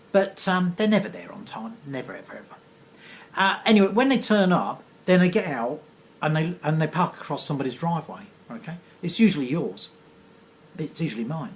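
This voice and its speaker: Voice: mid-range voice, slight background noise. A comic storyteller giving a sarcastic, digressive rant monologue.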